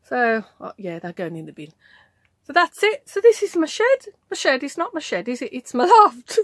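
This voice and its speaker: A woman's voice: sits high, huge pitch swings, moderate pace, no echo. A middle-aged woman with a Birmingham accent, chatting and rambling on a casual tour of her home loft while filming it herself, often laughing at herself. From England. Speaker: part-time online reseller. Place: home loft storage space.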